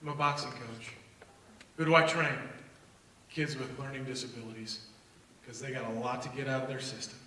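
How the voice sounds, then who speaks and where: A middle-aged man giving an energetic faith talk to young people, with loud bursts and low, intense asides. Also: normal speed, long pauses, slight background noise. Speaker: speaker at a youth faith event. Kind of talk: energetic motivational talk to students. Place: church hall. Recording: echoey hall recorded from far off.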